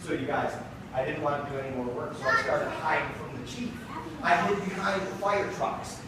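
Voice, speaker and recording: A high-pitched man spins an animated story for a room of small children, keeping them in with a constant "you guys." The sound is very echoey and comes from far off, with clear noise behind him. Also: normal speed. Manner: animated, keeps calling the kids "you guys". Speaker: children's magician and fire safety performer. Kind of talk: storytelling magic show for children. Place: daycare center room, indoors.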